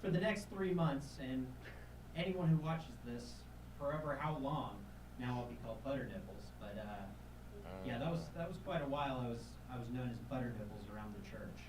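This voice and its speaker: A man from Tennessee telling rambling stories on a podcast, full of "uh"s, breaking into loud, high voices for the people he quotes. His mid-pitched voice sits back from the mic in an echoey room, with steady noise behind him. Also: fairly quick, distant mic. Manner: hesitant with many fillers, jumps to loud high voices quoting people. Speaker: podcast guest. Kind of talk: casual storytelling.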